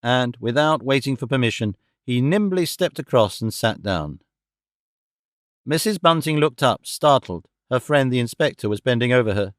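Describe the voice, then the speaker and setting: A man narrating an audiobook in a steady, even-toned way on a close studio mic. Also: mid-range voice, moderate pace, no echo. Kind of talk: scripted narration.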